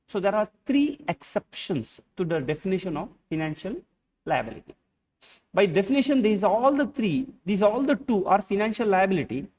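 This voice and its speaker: Recorded far from the mic, a man with an Indian English accent and a high, darkish voice gives a classroom accounting lecture. He fires rhetorical questions at his students and acts out little dialogues.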